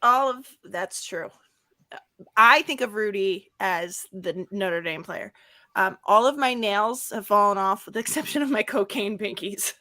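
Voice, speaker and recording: A woman co-hosting a comedy chat, animated and joking as she tells quick stories. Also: mid-range voice, no room sound. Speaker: co-host.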